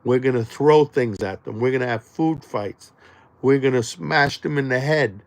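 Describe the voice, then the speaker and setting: Man, podcast host, gravelly, jokey, loud then muttering, mid pitch. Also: normal speed. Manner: loud, jokey, swings between shouting and muttering. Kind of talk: hyped podcast promo monologue.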